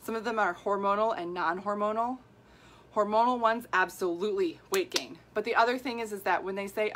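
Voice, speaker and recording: A woman in her forties, a women's health coach, talking casually in a live video, animated and worked up as she answers viewer comments. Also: mid-range voice, fairly quick, a little hiss or hum. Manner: animated and worked up, laughing, acting out quoted people.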